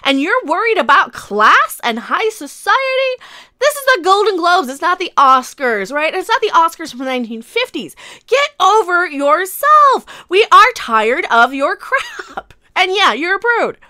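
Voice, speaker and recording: Sarcastic, high-voiced ranting woman. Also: big pitch swings, unhurried, pushed and bright, no echo, clean studio sound. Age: 40s. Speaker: vlogger. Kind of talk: rant commentary.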